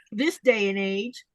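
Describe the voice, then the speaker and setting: A woman's voice: medium pitch, dry recording. A woman hosting a casual live chat, reading viewer comments aloud and laughing often. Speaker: live stream host.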